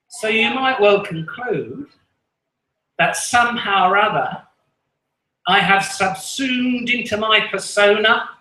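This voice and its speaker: This English-accented man from England performs self-mocking open-mic comedy in a small live venue, chuckling along with his jokes. His voice sits high with a sharp tone, and the recording has an echoey room sound.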